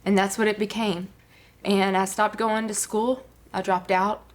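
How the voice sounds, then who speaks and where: A woman's voice: mid-range voice, little pitch movement, measured pace. A woman, a guest giving an earnest personal testimony with many fillers. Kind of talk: personal testimony on a talk show.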